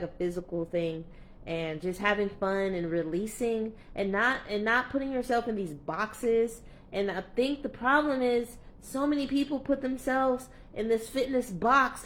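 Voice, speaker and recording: A young adult woman coach speaking candidly in a vlog, earnest and heartfelt, rambling with many fillers and restarts. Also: a little high. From California. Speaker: play and movement coach.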